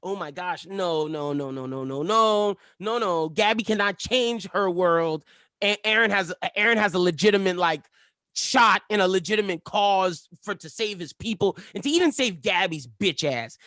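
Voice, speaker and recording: A man co-hosting a casual podcast with a fairly high voice. He laughs often and moves the talk along from episode to episode. The sound is close and dry. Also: moderate pace, sharp tone, no echo. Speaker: podcast co-host. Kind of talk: casual chat.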